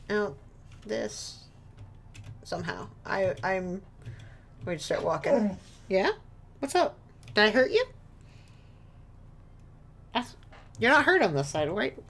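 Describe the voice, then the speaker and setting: A woman's voice: medium pitch, creaky, a little hiss or hum. A woman streaming a video game from home, chatting and joking with viewers and her dog, laughing often. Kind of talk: casual gaming stream chat. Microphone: desk mic with webcam.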